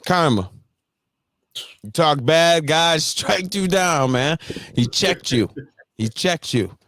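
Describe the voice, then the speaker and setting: A man hosting a casual livestream chat, animated and laughing often as he talks. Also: fairly high pitch, takes it slowly, no room sound. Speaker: host.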